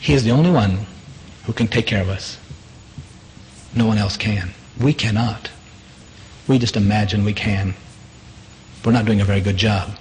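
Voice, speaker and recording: A man's voice: lowish voice, moderate pace, pauses often, low-quality recording. Earnest male preacher, faint hiss. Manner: earnest, repetitive, rhetorical questions. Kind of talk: sermon.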